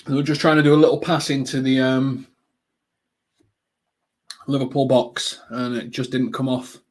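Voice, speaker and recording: Speaking at a medium pitch, this man runs a live football watchalong and chats loosely with his viewers. He rambles with plenty of ums and erupts in brief excited bursts when the action heats up.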